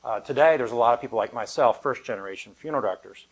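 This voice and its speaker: Husky and very fast at a medium pitch, this middle-aged man is a funeral director addressing a live audience. The setting is an event room at a funeral home, and his talk is anecdotal and conversational, lightly humorous.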